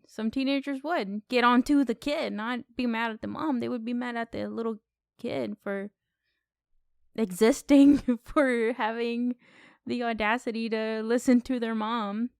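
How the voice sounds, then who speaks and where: Brief: woman co-host with a fairly high voice, animated and loose with her swearing, on a dry close mic. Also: vocal fry, smooth, no echo. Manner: animated, swears freely, repeats questions for effect. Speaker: podcast co-host. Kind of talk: casual film discussion.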